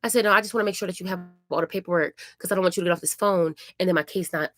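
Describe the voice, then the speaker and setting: Mom vlogger at home, lower voice, talks animated and chatty, acts out what everybody said, dry sound. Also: female voice, rapid-fire, dry recording. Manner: animated, chatty retelling with acted-out quotes. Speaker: family vlogger, mother. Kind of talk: casual vlog storytelling.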